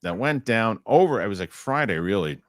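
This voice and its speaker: Brisk and somewhat low-voiced, this male co-host of a live entertainment news show jokes around, rambles through asides, and reads the news in an animated way. The studio-quality audio has no echo.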